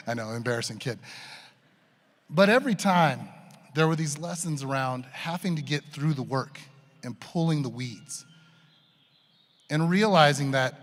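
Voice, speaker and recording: A man delivering a graduation speech outdoors, telling a funny family story with self-deprecating humor before closing earnestly. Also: fairly high pitch. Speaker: graduation speaker. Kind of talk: commencement speech. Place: outdoor stadium ceremony. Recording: reverberant public address sound.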